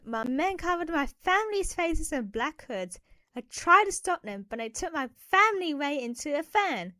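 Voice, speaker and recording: A woman narrating an animated first-person story, telling it expressively and addressing viewers at the end. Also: high-pitched, normal speed, no room sound.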